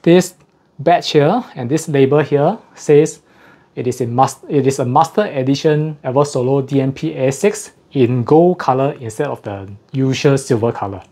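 A man's voice: medium pitch, normal speed, dark tone. A man reviewing audio gear in a casual unboxing walkthrough, slightly out of breath, explaining technical details methodically and correcting himself as he goes.

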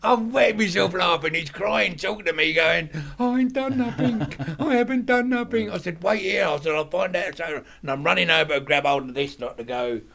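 An older man with a gravelly, creaky voice that still sounds bright and forceful. He spins animated stories in casual chat, repeating himself and laughing through the punchlines. His pitch sits on the high side for a man. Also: fairly quick, hardly any pauses. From London, England. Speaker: guest.

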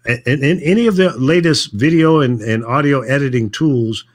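An older man, a radio veteran, chatting casually in a measured, plain-spoken way with frequent fillers. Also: mid-range voice. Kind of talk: casual chat.

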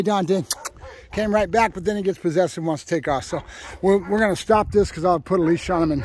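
Man with a high, excitable voice. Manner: bursts into high excited praise for the dog; plain explaining between praise. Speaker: dog trainer. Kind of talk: casual training vlog.

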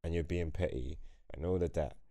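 A man's voice: sits low, a little fast, warm tone, no echo, studio quality. A young man, co-hosting a casual group podcast, arguing his point with slang and laughter. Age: young adult. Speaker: podcast co-host.

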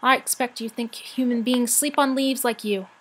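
A woman voicing a grumpy, sharp-tongued female forest brownie in a storybook reading. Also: on the high side, fairly even intonation, breathy edge. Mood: scolding. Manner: scolding, cross, quick-tempered.

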